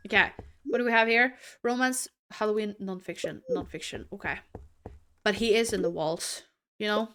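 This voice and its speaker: A woman's voice: mid-range voice, moderate pace, a bit bright, clear, resonant tone. A woman streamer chatting casually with her viewers while playing a game, rambling and giggling through asides. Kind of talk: casual live-stream gameplay chat.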